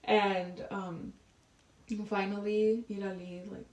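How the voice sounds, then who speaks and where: A woman's voice: medium pitch, little pitch movement, slow, darkish tone. A woman in her twenties, a podcast guest, telling a personal story in a casual, chatty way with a lot of "like" fillers. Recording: roomy echo, distant from the mic.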